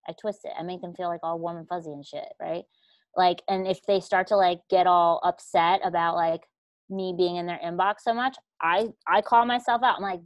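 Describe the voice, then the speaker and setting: A woman's voice: mid-range voice, no room sound. Woman, coach, blunt, slangy, casual chat, dry close sound. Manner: blunt, slangy, swears freely. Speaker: guest coach.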